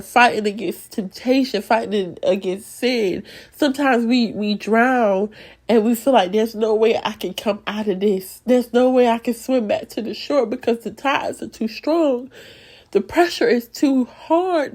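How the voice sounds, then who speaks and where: A woman's voice: fairly high pitch, a little mellow. A young woman hosting a faith podcast, giving an emotional, encouraging devotional talk with preacher-like repetition. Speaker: podcast host.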